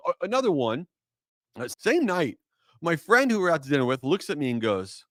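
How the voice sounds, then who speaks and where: Male solo podcaster, big swings in pitch, worked-up rants, close dry mic. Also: normal speed, no room sound. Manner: animated, exasperated storytelling. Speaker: podcast host.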